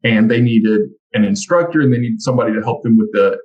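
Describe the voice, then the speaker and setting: Low-voiced man telling his story. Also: fast, dull audio. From Texas. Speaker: guest, trade instructor. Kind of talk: conversational interview.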